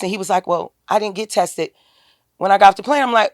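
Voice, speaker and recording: Woman, animated storyteller on a podcast, mid-pitch voice, dry close sound. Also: brisk, no room sound. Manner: animated, acts out quoted dialogue in a raised voice. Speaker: podcast guest, tax business owner. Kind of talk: storytelling in a casual interview.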